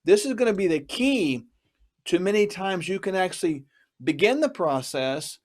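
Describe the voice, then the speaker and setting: Brief: middle-aged male co-host, earnest and emphatic, fairly high voice, teaching style. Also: very animated, normal speed. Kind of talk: health talk show.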